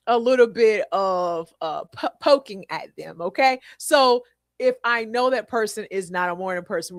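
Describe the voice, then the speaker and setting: A woman's voice: medium pitch, dry recording, studio quality. A woman hosting a podcast in a live, casual chat, reading out listener comments and speaking to people by name. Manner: animated, chatty, repeats herself, talks to listeners by name. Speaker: podcast host.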